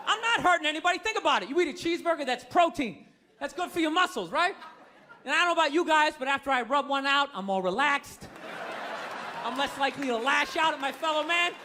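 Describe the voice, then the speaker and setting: A male Boston comedian in his fifties rants on a comedy club stage in a high, bright voice as the crowd laughs behind him. His stand-up set is animated and incredulous, with voices acted out, captured in a live recording with audience noise.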